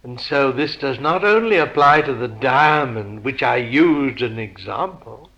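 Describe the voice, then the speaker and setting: Slow, gravelly male lecturer. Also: mid-range voice, animated, bright, forceful tone, highs cut off. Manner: measured, posing rhetorical questions to the audience. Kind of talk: philosophical lecture.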